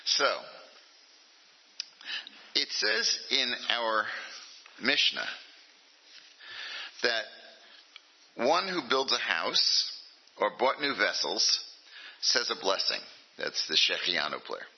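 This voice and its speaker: A man's voice: mid-range voice, big pitch swings, slow, gravelly, long pauses, highs cut off. An older man, a rabbi, giving an informal lecture to an adult class, talking conversationally and checking in with his listeners often. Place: meeting room with a class.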